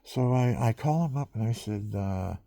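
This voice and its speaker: A man's voice: medium pitch, animated, moderate pace, vocal fry, mellow, dry recording. A man rambling through stories in a casual monologue he is taping himself, drifting from one thing to the next and chuckling often.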